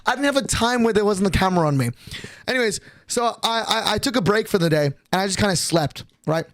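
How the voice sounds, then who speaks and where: Young streamer dude rambling to chat, kinda high voice, swears a lot, dry close sound. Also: male voice, animated, fast, a bit bright, no echo. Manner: rambling, profane, many restarts and fillers. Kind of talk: casual stream chat, storytelling.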